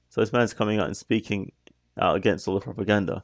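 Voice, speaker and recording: A man's voice: lowish voice, fairly even intonation, quick pace. A man giving casual reaction commentary on a music video, musing in a stop-start way with apologetic asides.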